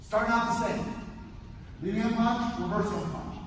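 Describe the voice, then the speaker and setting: Young male martial arts instructor, high voice, energetic, shouting counts and cracking jokes, recorded far off. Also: normal speed. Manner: energetic, barking counts and kiai shouts, joking asides. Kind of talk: coaching a martial arts class. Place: large indoor training hall. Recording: echoey hall, mic far off, noisy.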